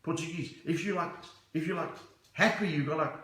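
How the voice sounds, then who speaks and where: Speaking a little fast in a fairly high, bright voice, a South African man streams live from a room in his home, and the room sounds echoey. His comedy chat is playful and chatty as he reads viewer comments and drifts in and out of different accents.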